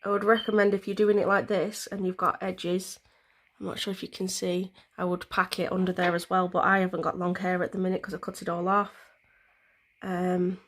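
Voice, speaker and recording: A woman's voice: lowish voice, flat delivery, a little fast, fairly bright tone. A woman vlogger, explaining a nail tutorial in a chatty, rambling way with plenty of fillers. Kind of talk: casual step-by-step tutorial.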